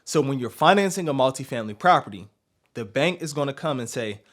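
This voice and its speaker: A man's voice: medium pitch, lively intonation, quick pace, fairly bright tone. Male podcast host, mid-range voice, direct coaching delivery built on rhetorical questions. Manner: punchy, asks rhetorical questions and answers them.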